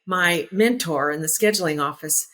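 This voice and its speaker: Lowish in pitch and speaking at normal speed, a former naval aviator in her sixties swaps career anecdotes in a relaxed interview. She's lively, voices the people she quotes, and laughs readily.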